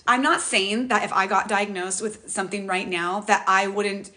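A middle-aged woman chatting on a livestream, talking fast and rambling with many restarts, often emotional and animated. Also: mid-range voice. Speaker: livestream host. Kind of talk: casual livestream chat. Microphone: tablet mic, close.

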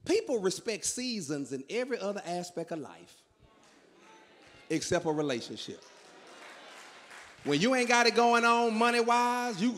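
A man doing stand-up comedy in a large live venue, telling stories with animated delivery and shouting his punchlines. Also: high voice, moderate pace, long pauses, a little hiss or hum. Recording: long reverb of a large venue.

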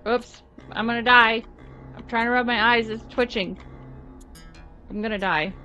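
A woman with a slightly high voice gives live commentary while she plays a video game. She swears freely and apologizes often, and her reactions are excitable. Faint game music plays behind her. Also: normal speed, muffled recording. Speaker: game streamer.

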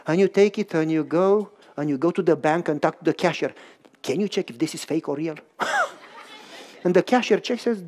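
A man's voice: high voice, a little fast, a little mellow. A man preaching a sermon to a live audience, telling a story and acting out both sides of a dialogue while questioning his listeners directly. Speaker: pastor.

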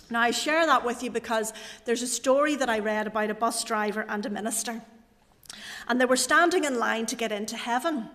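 A woman's voice: fairly high pitch, a bit bright. A middle-aged woman preaching a sermon, telling a humorous story. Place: church. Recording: church hall reverb.

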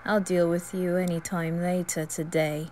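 A woman's voice: on the low side, little pitch movement, moderate pace, warm tone, slight background noise, voice pushed down, close to an everyday voice. A woman voicing an arrogant, sneering teenage boy bully wizard in a whispered role-play, taunting and mocking. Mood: threatening.

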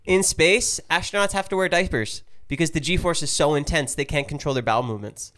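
A man's voice: on the high side, fairly quick, a bit bright. A man hosting a podcast, asking prompting questions and dropping teasing asides. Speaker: podcast host. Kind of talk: casual podcast interviewing.

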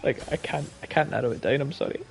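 A young man chatting casually while playing a video game, playful and quick to laugh. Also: mid-range voice, vocal fry, soft background music. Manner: playful, bursts into loud laughs and movie quotes. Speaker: gamer. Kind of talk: casual chat while gaming.

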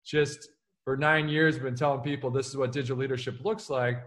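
A man who is an author and keynote speaker, answering interview questions in an energetic, punchy motivational way and acting out the lines he quotes. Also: medium pitch, a little fast. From United States.

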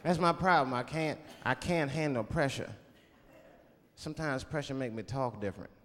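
A man performing stand-up comedy on stage, animated and slipping into voices. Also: mid-range voice, moderate pace, background noise. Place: comedy stage before audience. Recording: live hall with loud crowd.

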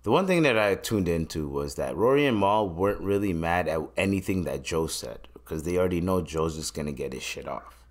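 A man's voice: deep voice, expressive, a little fast. A man hosting a solo podcast, talking in a loose, profane, joking way. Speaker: podcast host.

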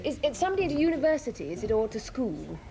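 A woman's voice: sits high, very animated, rapid-fire, vocal fry, crowd noise. A woman on a studio panel game, guessing charades and checking each clue aloud.

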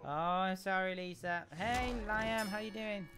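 A young British man live-streaming a video game, shouting excitedly during fights and mumbling while reading chat. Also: high-pitched, unhurried, noisy background. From United Kingdom. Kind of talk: live gaming stream commentary.

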